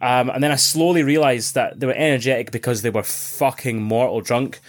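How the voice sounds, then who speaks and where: Animated, swearing man. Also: medium pitch, a little fast. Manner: animated storytelling, heavy swearing, acts out others' shouts. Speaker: podcast co-host. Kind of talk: casual chat.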